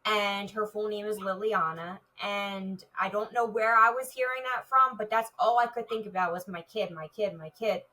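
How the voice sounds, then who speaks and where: A woman with a bright, forceful voice tells a personal story as a guest on an interview show. She speaks vividly, filling her sentences with "like." Her voice sits a little back from the microphone. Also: medium pitch, normal speed, hardly any pauses, far from the mic, low-quality recording. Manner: vivid retelling with many "like" fillers. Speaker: retired police officer, guest.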